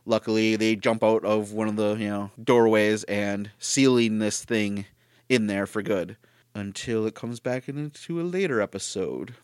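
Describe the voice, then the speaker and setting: A man's voice: fairly low pitch, measured pace, smooth, no echo, studio quality. A man hosting a casual review of an old cartoon, talking in a rambling, self-correcting way and chuckling often. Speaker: host.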